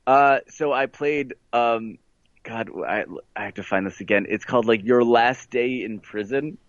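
A man's voice: mid-range voice, a little slow, no room sound. Rambling man, dull dry mic. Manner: rambling, filler-heavy storytelling with laughs. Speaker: podcast co-host. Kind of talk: casual chat.

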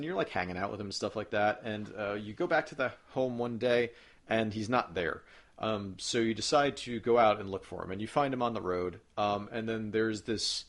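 A man in casual podcast chat, rambling enthusiastically as he retells a video game and swears casually. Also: fairly low pitch.

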